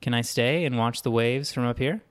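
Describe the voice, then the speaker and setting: A man's voice: medium pitch, moderate pace, clean tone, lightly acted. A man voicing a determined woman spacefarer who asks pointed, pressing questions. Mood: questioning. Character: determined woman spacefarer, searching for her husband.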